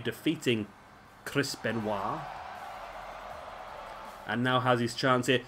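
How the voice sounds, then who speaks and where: Over soft background music, a man of medium pitch talks at a measured pace, pausing often, his tone steady and fairly bright. He's a gameplay commentator giving casual, rambling let's-play commentary on a wrestling video game, full of chatty, self-deprecating asides. He records at home with a beer in hand.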